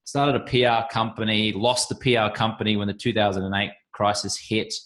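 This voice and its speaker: A man's voice: fairly low pitch, level tone, fairly quick, a bit bright. Breezy Australian man, self-deprecating. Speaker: podcast guest. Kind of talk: casual interview chat.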